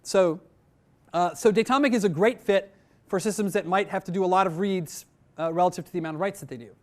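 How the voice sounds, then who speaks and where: Fast-talking, high-voiced male instructor. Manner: conversational, frequent "right?" and "uh" fillers, addresses class directly. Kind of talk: technical training lecture.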